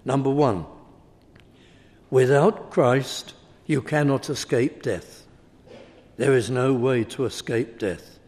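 A man's voice: medium pitch, animated, slow, darkish tone. A man preaching a sermon, speaking emphatically and returning again and again to a repeated refrain. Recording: reverberant hall.

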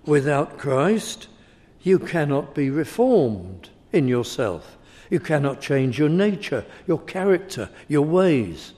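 Slow, mellow-voiced preacher in a hall. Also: male voice, on the high side, very animated. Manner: slow, emphatic, repeated refrain. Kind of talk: sermon. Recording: reverberant hall.

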